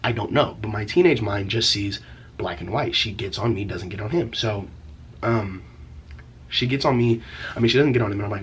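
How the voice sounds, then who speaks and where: A man's voice: fairly low pitch, moderate pace, fairly bright tone, a little hiss or hum. A young man telling a story from his teen years in a casual vlog, rambling and profane, packed with slang fillers. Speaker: vlogger.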